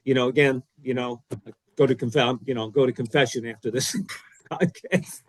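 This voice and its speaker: A man co-hosting a podcast, telling a story in an excitable, emphatic, self-deprecating way. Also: mid-range voice, moderate pace, dry recording. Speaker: co-host, former defensive coordinator. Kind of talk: animated storytelling; casual podcast chat.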